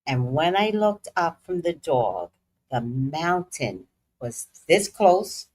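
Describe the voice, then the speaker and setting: A woman's voice: low-pitched, very animated, takes it slowly, a little mellow. A middle-aged woman hosting a casual livestream, playful and dramatic with slangy asides. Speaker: psychic livestream host.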